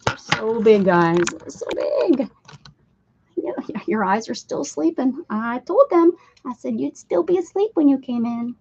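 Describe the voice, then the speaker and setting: A woman's voice: a little high, lively intonation, a little slow, slightly rough. A woman hosting a casual livestream from her craft room, calling to her pets in coaxing baby talk and sometimes dropping to a whisper. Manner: sing-song coaxing baby talk to cats, with soft whispers. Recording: dull lo-fi livestream audio with faint noise.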